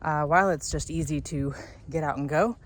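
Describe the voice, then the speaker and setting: A woman's voice: low-pitched, brisk, a little hiss or hum. A young woman chatting casually in a walking vlog on an outdoor hiking trail. She talks in an upbeat, rambling way and is slightly out of breath from carrying a load. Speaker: vlogger.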